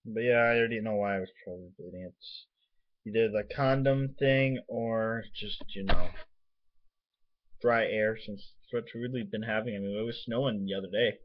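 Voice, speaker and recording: A man's voice: fairly low pitch, steady tone, normal speed. A young man rambling casually in a home vlog, swearing freely while getting over a nosebleed. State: recovering from a nosebleed, tastes blood. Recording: dull lo-fi webcam recording.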